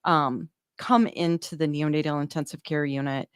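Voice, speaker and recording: A woman working in newborn care, earnestly telling an animated story in an interview, acting out the dialogue. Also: low voice, moderate pace, smooth, dry recording, studio quality. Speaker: neonatal medical provider, guest.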